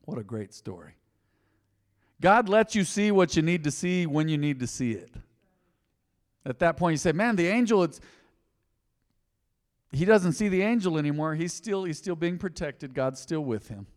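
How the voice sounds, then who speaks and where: A man preaches in a reverberant hall, his slightly high voice carrying a long echo. He tells the story with energy, acting out the quotes. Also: expressive, normal speed, long pauses. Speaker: pastor. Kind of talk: sermon.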